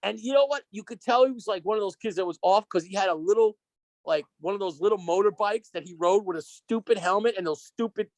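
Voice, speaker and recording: A man telling profane stories as a podcast guest, animated and laughing as he goes. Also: high-pitched, quick pace, no room sound. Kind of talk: casual podcast storytelling.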